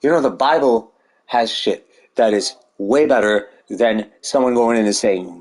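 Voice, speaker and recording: A man's voice: fairly low pitch, a little slow, darkish tone. A man delivering a rambling, heated monologue full of swearing. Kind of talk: ranting monologue.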